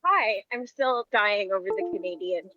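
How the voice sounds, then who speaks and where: A woman's voice: mid-range voice, normal speed, pushed and bright, lo-fi sound. A woman guest on a stream chatting playfully and enthusiastically. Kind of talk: casual stream chat.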